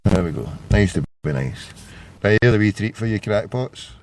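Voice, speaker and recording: A man's voice: fairly low pitch, animated, normal speed, darkish tone, slight background noise. A Scottish man hosting a call-in radio show, rambling and jokey, with a lot of stumbling restarts. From Scotland. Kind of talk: casual call-in radio chat.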